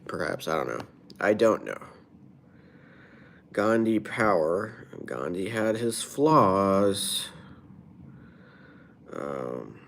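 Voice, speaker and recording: A tired man with an American accent, chatting casually on a livestream, reading viewer comments out loud and repeatedly asking people to subscribe. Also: lowish voice.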